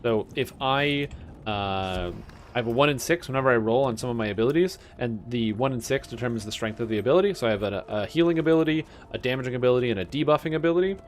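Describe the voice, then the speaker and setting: A young man streaming a game, chatting casually with amused, excitable bursts. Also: mid-range voice, fast, slight background noise. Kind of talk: casual gameplay commentary.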